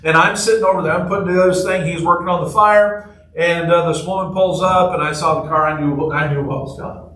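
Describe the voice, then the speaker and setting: A man's voice: on the high side, steady tone, fast, fairly bright tone, a little hiss or hum. A man preaching a casual, joking sermon to his congregation, telling stories and asking the people in the pews questions. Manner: chatty, jokey, asks the congregation questions. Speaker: pastor. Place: church sanctuary. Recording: echoey room, voice from far off.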